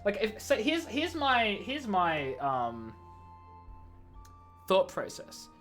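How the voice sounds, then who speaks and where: A man chatting casually while he streams a game, rambling and poking fun at himself. His pitch jumps around lively and often. Soft game music plays underneath. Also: slow. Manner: rambling, self-mocking, lots of "like". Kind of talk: casual gameplay chat.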